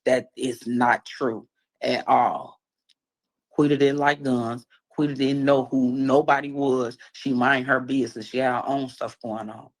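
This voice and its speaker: A man's voice: mid-range voice, fairly even intonation, measured pace, low-quality recording. Earnest man with a Chicago accent. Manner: earnest, pleading, blunt. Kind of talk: livestream talk.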